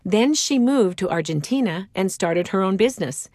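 A woman voicing a mother who tells her daughter gentle stories about a faithful ancestor. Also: mid-range voice, animated, moderate pace, no echo, clean studio sound, lightly acted. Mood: fond. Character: warm, faithful mother telling family stories. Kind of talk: children's magazine story reading.

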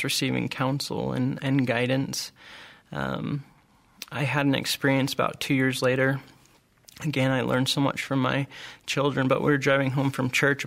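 Earnest gravelly man giving testimony. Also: medium pitch, a bit bright. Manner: earnest, halting, many restarts and pauses. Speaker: group member sharing testimony. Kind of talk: personal testimony.

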